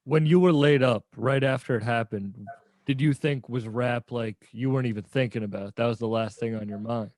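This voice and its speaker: A man's voice: medium pitch, steady tone, moderate pace, a little mellow, no room sound. A man hosting a podcast, asking short, casual questions. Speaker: podcast host. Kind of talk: casual interview chat.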